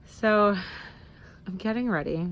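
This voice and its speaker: A woman's voice: medium pitch, slow, fairly bright tone, a little hiss or hum. A woman in her thirties talking candidly in a casual personal vlog, rambling with fillers and restarts. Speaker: vlogger.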